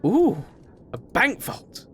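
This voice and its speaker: A young man giving casual let's-play commentary on a game, rambling, excitable, sometimes shouting and swearing at what happens. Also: sits high, takes it slowly, slight background noise. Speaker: gaming video host.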